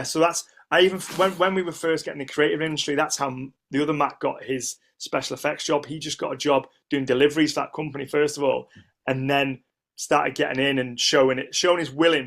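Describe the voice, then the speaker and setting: Guy, middle-aged, rambly animated podcast stories, keeps restarting and doing voices. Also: fairly high pitch, gravelly. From United Kingdom. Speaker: guest, ice sculptor. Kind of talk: casual interview storytelling.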